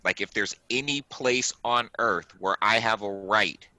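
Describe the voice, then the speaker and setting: Low-voiced man telling a story with zest. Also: measured pace, no room sound, rough recording. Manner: animated, emphatic, repeats himself and acts out quotes. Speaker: podcast host. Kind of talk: casual storytelling chat. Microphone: video call.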